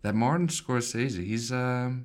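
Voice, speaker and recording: A man's voice: mid-range voice, a little slow. A young man from Boston co-hosting a podcast, chatting loosely and rambling with lots of fillers. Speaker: podcast co-host. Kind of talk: casual chat.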